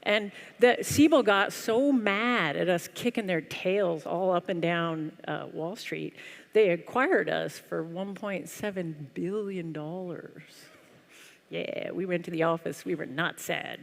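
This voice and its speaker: A woman giving a humorous keynote talk on stage, telling a story in a lively, wry, self-deprecating way. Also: fairly low pitch, slow, creaky. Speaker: conference speaker. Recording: long hall reverb.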